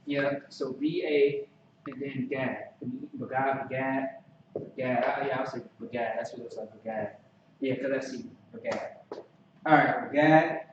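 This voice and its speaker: A man teaching a language class in a relaxed, halting way, with many fillers and restarts. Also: mid-range voice. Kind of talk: casual classroom instruction. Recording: echoey, distant, dull lo-fi recording with some noise.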